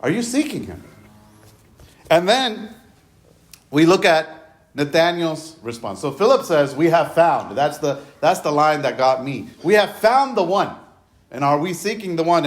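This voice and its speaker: Male preacher, slightly raised pitch, casual conversational sermon with frequent repeats and restarts. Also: sing-song, moderate pace. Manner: conversational, retells scripture in his own words; repeats words and restarts often.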